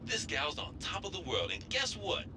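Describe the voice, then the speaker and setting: Game radio host, chatty and gossipy, animated delivery, noisy radio sound. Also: male voice, high-pitched, normal speed.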